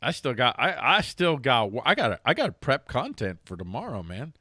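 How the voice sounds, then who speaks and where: A man hosting a political commentary chat, agreeable and energetic in manner. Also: medium pitch, brisk, husky, no echo, studio quality. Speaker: show host.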